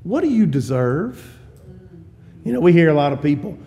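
A man preaching a sermon in a church, moving from shouted peaks to low hushed asides, with chuckles and folksy humor between his points. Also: very animated, normal speed, long pauses.

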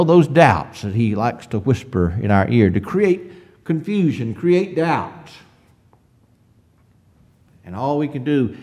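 A man preaching a conversational sermon. He asks the congregation rhetorical questions and reads scripture slowly. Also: a little high, a little mellow.

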